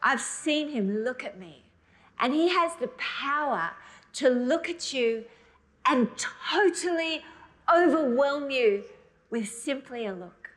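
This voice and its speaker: A middle-aged woman preaching a sermon, earnest and emotional, rushing ahead in bursts, then slowing to soft, drawn-out emphasis. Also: high-pitched, lively intonation.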